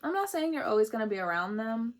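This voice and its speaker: A woman's voice: on the high side, sing-song, quick pace. A woman giving a casual spiritual card reading, chatty and emotional, laughing often between her messages. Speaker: tarot reader.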